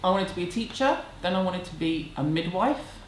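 In a fairly low, expressive voice and at a fairly quick clip, a woman responds to viewers' questions from her home. She's chatty, frank, and pokes fun at herself, recorded in an echoey room with a slight background hum.

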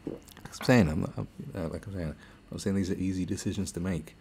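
British male podcast host with a low, dark, gravelly voice, ranting sarcastically and swearing. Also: fairly even intonation, fairly quick, a little hiss or hum. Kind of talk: podcast monologue.

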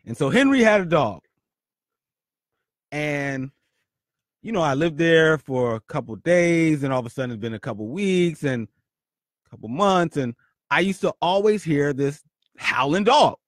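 A man hosting a podcast, his pitch swinging widely as he tells a story. His voice sits a little high for a man and sounds close and dry, with no room echo. He talks in a punchy way and repeats words for emphasis. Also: animated, measured pace, long pauses. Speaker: podcast host. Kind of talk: storytelling monologue.

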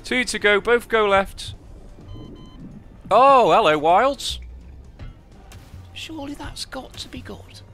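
Over faint music, this man's very high voice sounds pushed and bright, keeping a moderate pace with few pauses. He's a slot streamer with a British accent, swearing and being sarcastic about his own spins in casual live commentary and muttering between outbursts.

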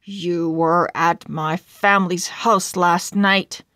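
A woman's voice: on the low side, steady tone, slow pace, fairly bright tone, no echo, studio quality. A woman voicing a harsh, sneering young male rival in a storybook read-aloud, with a jeering manner. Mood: menacing.

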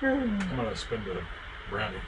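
A man's voice: on the low side, huge pitch swings, moderate pace, lo-fi sound. A man playing a tabletop game, chatting eagerly about his moves and rolls. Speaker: player. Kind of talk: casual tabletop game play. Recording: background noise.

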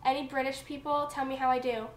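Young south jersey woman vlogging, high voice, chatty and giggly, little bit of background hiss. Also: level tone, quick pace. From New Jersey, USA. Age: young adult. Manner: chatty, giggly, talks to the camera. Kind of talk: casual vlog chat.

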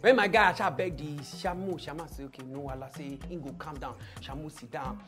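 A woman with a Nigerian Pidgin accent, hosting a podcast and telling an event story with hushed asides and loud outbursts. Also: low-pitched, brisk, over music. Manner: animated, swings from hushed asides to loud exclaims. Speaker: podcast host.

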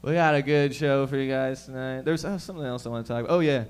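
A man's voice: medium pitch, fairly even intonation, clear, resonant tone. Profane stand-up comedian, man. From Toronto area, Canada. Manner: profane, rapid-fire joking to the crowd. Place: comedy lounge stage.

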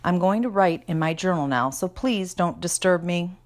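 A woman reading a storybook aloud, voicing a superior, icy teenage girl with a sharp, nasty tone. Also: fairly low pitch, moderate pace, natural voice. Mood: haughty.

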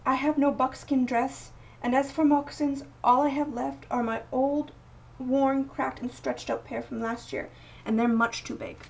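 A woman's voice: sits high, little pitch movement, a little slow, creaky. A woman voicing a poor, weary old father who speaks in a sorrowful, apologetic way. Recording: voice a bit distant from mic.

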